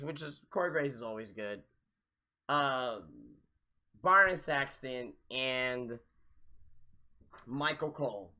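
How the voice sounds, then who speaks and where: A young man hosting a live wrestling review, ranting in a profane, exasperated way with sudden loud outbursts. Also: on the high side. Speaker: podcast host reviewing wrestling.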